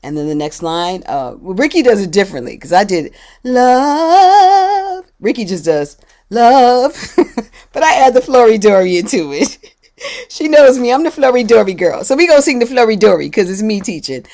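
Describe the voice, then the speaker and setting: A woman guest song leader on a video call, teaching a chant line by line with frequent laughter. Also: mid-range voice. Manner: laughs often, sings example lines, slow and relaxed.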